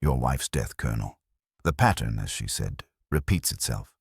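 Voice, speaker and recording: A man voicing a fastidious older male detective who speaks in a precise, measured way. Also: a bass voice, lively intonation, breathy edge, no echo, clean studio sound, pitched below the performer's own voice, exaggerated voice. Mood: probing.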